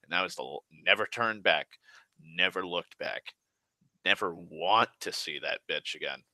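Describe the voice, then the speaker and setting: Low-voiced rambling young man. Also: unhurried, pushed and bright, no echo. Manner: rambling, full of "like", restarts and swearing. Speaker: online show host. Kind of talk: casual rambling monologue.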